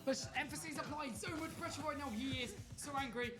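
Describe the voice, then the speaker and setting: A man calling a fighting game tournament live, getting loud and excited at big moments. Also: very high voice, fast, music in the background. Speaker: esports commentator.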